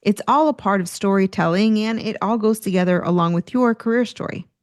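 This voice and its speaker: A woman hosting a career podcast, coaching listeners in an energetic teaching manner and acting out examples of tone as she goes. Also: medium pitch, a little fast, clean tone, no echo, studio quality. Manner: energetic, demonstrates tone shifts, occasional laughs.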